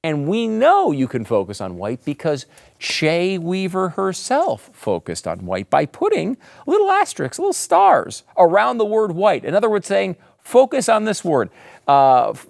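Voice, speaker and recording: A man's voice: sits high, creaky, dry recording, clean studio sound. A man hosting a political commentary show, talking in a sarcastic, mocking, emphatic way. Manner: emphatic, lively delivery. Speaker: host.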